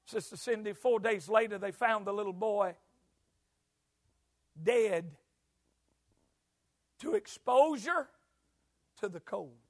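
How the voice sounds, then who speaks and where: A man preaching a sermon in a church, swinging between quiet storytelling and shouted, rhythmic climaxes. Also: sits high, slow, pauses often. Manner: shouting, sing-song preaching cadence.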